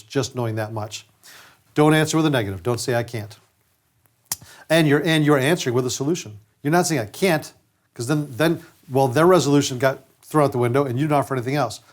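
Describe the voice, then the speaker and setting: A middle-aged man, a dentist, giving a conversational training lecture and acting out short patient exchanges. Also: mid-range voice. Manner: lively, conversational, acts out patient dialogues.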